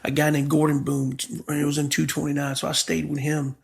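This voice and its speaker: A man's voice: on the high side, completely flat delivery, fairly quick, gravelly. A middle-aged man from Florida, a pastor vividly telling his life story and acting out the dialogue of the people in it. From Florida, USA. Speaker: pastor telling his testimony as a podcast guest. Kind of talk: conversational testimony storytelling.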